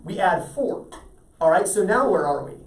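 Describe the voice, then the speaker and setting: A man's voice: sits high, lively intonation, moderate pace. Male teacher lecturing in an echoey classroom. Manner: asks the class frequent check-in questions. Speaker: math teacher. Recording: roomy echo, voice from far off.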